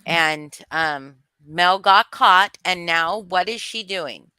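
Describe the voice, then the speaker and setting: Livestream host, woman, forceful bright tone, close dry sound, blunt and profane. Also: fairly low pitch, takes it slowly, clean tone, dry recording. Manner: blunt, swearing, greeting chat viewers. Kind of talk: heated livestream commentary.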